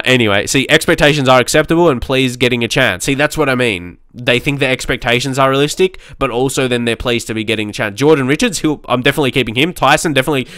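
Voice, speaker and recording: A man's voice: medium pitch, fairly bright tone, clear, resonant tone, no room sound, clean studio sound. Chatty man narrating his gameplay. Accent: non-English. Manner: chatty, rambling, often laughing. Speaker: gaming YouTuber. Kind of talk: casual game commentary.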